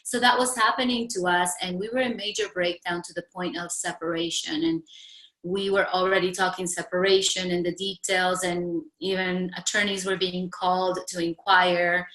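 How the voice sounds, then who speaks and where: A woman's voice: on the low side, fairly even intonation, moderate pace, a bit bright, roomy sound, low-quality recording. A middle-aged woman coach telling a personal story to an audience, asking them questions as she goes. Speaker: relationship coach.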